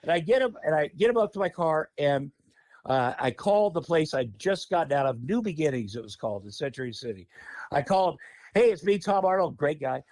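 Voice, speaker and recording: A man telling a story on a podcast in a casual, animated, profane way. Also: on the high side, brisk. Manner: animated, profane, laughing often. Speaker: podcast guest.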